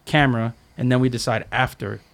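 Gravelly man telling stories casually. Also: medium pitch, steady tone, fairly quick. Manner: storytelling, acts out quotes, many likes. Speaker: podcast guest, skate filmer. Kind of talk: casual chat.

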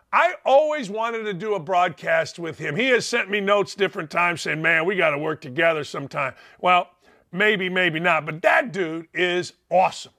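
Brief: middle-aged male sports host, high, bright and forceful, rambling and emphatic. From Indiana. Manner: emphatic, rambling, repeats words for stress. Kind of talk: sports talk monologue.

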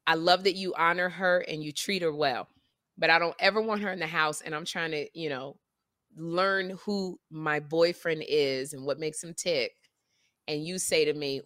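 A woman hosting a talk show, teasing and telling stories in a lively comedic way. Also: sits low, moderate pace, dry recording, studio quality. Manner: animated, teasing storyteller. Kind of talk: comedic casual chat.

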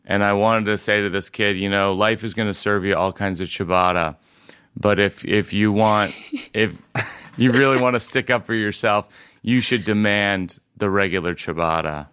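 Halting, low-voiced man telling stories. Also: fairly bright tone, clear, resonant tone, no echo. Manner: rambling, halting, self-correcting storyteller. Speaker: comedian guest. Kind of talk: casual storytelling conversation.

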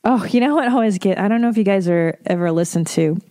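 A woman who is a mother hosting a solo podcast, chatting in a candid, profane and animated way. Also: mid-range voice, fast talker. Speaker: podcast host. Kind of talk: casual solo podcast chat.

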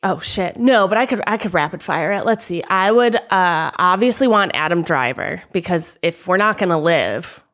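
A young adult woman co-hosting a casual chat podcast, animated and quick to laugh, swearing casually. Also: lowish voice. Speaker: podcast co-host.

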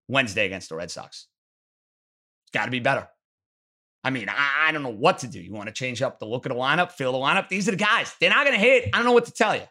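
Sports radio host, male, bright and punchy delivery, blunt opinions. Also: mid-range voice. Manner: blunt, emphatic, ranting. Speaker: sports talk show host. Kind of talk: opinionated sports call-in commentary.

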